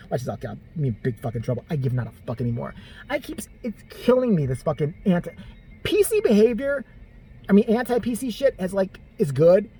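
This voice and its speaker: A crude, exasperated man rants into the camera, his pitch bouncing from low grumbles to high outbursts. He swears through nearly every line, over a faint background hiss. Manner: animated, jumps between high and low pitch. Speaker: vlogger. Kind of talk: profane comedic rant.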